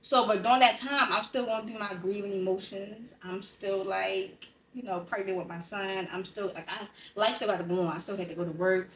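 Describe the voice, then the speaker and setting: A woman in candid podcast conversation, speaking bluntly and with raw feeling, cursing freely. Her voice sits back from the mic in a roomy, echoing space, at a middling pitch. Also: steady tone, moderate pace, hardly any pauses, fairly bright tone, a little hiss or hum. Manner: blunt, profane, emotionally raw storytelling. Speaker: podcast co-host. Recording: roomy sound, distant from the mic.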